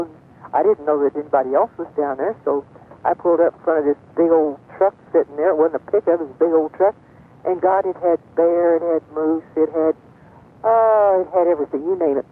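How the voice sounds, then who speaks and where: An older woman, a guest on a radio show, telling a rambling story with many pauses and fillers. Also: low voice, breathy edge. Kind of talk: reminiscing on a call-in radio show. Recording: tinny phone-line sound.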